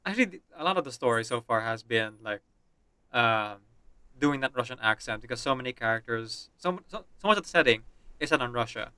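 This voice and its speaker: A man's voice: medium pitch, expressive, a little fast, sharp tone, smooth, no echo. A man streaming, reading and voicing a game's story with chatty asides.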